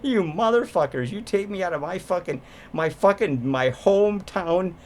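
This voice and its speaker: A man's voice: high voice, expressive. A man putting on a big angry male Yeti who curses his captors and wants to go home. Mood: indignant. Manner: cursing, drawn-out, indignant.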